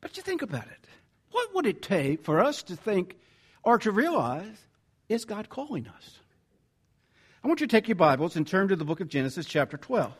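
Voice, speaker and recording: A pastor with a Southern American accent preaches a conversational, animated sermon, reading scripture and correcting himself along the way. His voice sits high and is slightly rough, at a normal speed.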